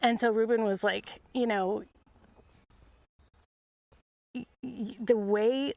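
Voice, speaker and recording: A woman's voice: on the high side, normal speed, vocal fry. A middle-aged woman recording a casual voice memo outdoors by her horses. She talks in a reflective, confiding way and laughs often. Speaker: podcast host. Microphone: phone voice memo.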